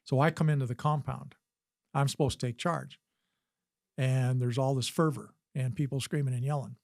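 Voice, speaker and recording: A man's voice: medium pitch, fairly even intonation, normal speed, gravelly, darkish tone, dry recording, studio quality. An older man, a podcast guest and former combat physician, telling a story in an interview with earnest delivery and frequent restarts. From United States.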